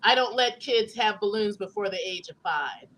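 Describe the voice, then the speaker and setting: A woman's voice: mid-range voice, moderate pace, a bit bright, low-quality recording. An older woman and grandmother co-hosting a casual panel chat, giving firm advice. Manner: firm, advising. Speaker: co-host.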